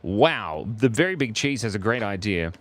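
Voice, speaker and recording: A man's voice: on the low side, sing-song, moderate pace, a bit bright, a little hiss or hum. An Australian man chatting playfully with viewers while drawing on a live stream.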